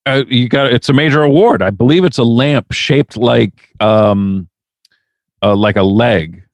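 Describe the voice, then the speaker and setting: A man's voice: mid-range voice, a little slow, dry recording. Profane, sarcastic man on a podcast. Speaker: podcast co-host. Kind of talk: casual chat.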